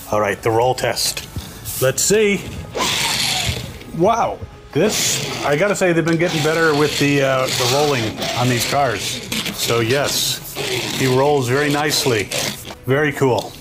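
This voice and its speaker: A man's voice: medium pitch, slight background noise. A man hosting a casual toy review, thinking aloud with enthusiasm as he handles the figures.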